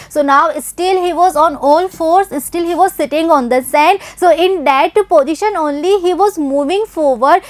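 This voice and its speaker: High-voiced Indian woman teaching English. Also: no room sound. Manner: repetitive, explanatory, frequent "you know" and "so now finally". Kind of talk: explaining a textbook story line by line.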